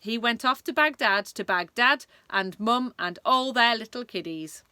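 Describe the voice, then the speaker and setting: A woman voicing a big, gentle male giant who talks with muddled grammar in a storybook reading. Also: on the high side, unhurried, clean tone, no room sound, voice pushed up. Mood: earnest. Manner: folksy, ungrammatical speech.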